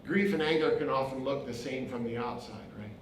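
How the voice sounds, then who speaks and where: A man's voice: medium pitch, brisk, a little hiss or hum. A man, a pastor and author, giving an impassioned inspirational speech with rhythmic repetition. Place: event venue. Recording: very echoey hall, mic far off.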